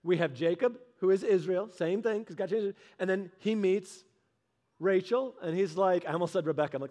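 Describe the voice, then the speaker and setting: A man preaching a sermon, telling the story in a humorous, conversational way and acting out the characters in quick voices. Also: high voice, mellow. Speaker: pastor.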